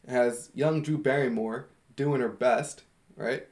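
A man's voice: medium pitch, fairly even intonation, measured pace, a little mellow. A man co-hosting a podcast in casual chat, easygoing and steering the talk, laughing often. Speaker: podcast co-host.

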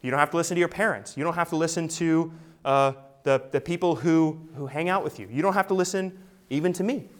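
A man's voice: on the high side, quick pace. A man preaching an expository sermon, emphatic and full of rhetorical questions. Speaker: pastor.

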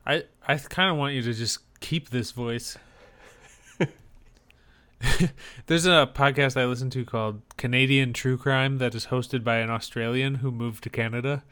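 A man's voice: mid-range voice, steady tone, a little slow, a bit bright, clear, resonant tone. A man co-hosting a podcast in casual chat, rambling with lots of fillers as he searches for words. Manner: rambling, many fillers and restarts. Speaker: podcast co-host.

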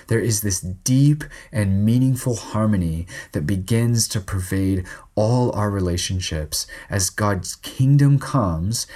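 A man's voice: lowish voice, a little mellow. A man in his thirties preaching a sermon as pastor, earnest and conversational, often restarting his sentences.

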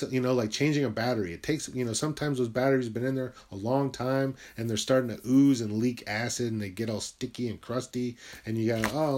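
A man in a middle register talks straight to the camera in a rambling, confessional way. He swears freely and is openly emotional, flaring into loud, heated bursts and then dropping to low muttering as he works through his thoughts. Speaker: self-help video maker and writer.

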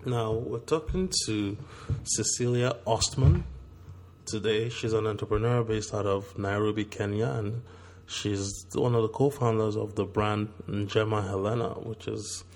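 A man's voice: on the low side, steady tone, a little slow, a little mellow. A man with a sore throat hosting a podcast, talking in an upbeat, chatty way. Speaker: podcast host. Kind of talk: casual podcast talk.

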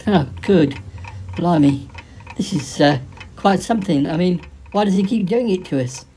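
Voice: mid-range voice, animated, normal speed, dark tone, a little hiss or hum, natural voice. A performer voicing a kindly friend who is hesitant and easily startled. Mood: concerned.

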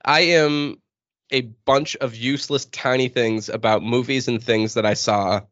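A man's voice: medium pitch, fairly even intonation, measured pace, a bit bright, no echo, lo-fi sound. A man in casual podcast chat as a guest, rambling with many restarts. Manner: rambling, restarts, laughs often.

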